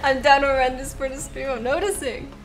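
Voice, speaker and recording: A woman's voice: sits high, fairly even intonation, fairly quick, faint music behind. A young woman streaming a game from home, reading the game text aloud and chatting playfully with viewers, often giggling.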